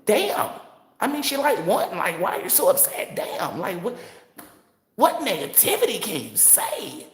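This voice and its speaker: A woman voicing a whiny, exasperated young bro who rants quickly, is quick to rage, and swears constantly. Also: wildly swooping pitch, reverberant. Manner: shrill, rapid, profane ranting.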